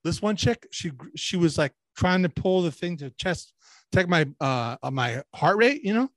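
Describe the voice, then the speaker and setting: A man's voice: high-pitched, animated, moderate pace, dry recording. A man with a slightly raised voice rambles through crude stories on a casual podcast, swearing freely. He slips into the voices of people he quotes. The sound is dry and close. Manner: profane, rambling, mimics people in quoted asides. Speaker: podcast co-host.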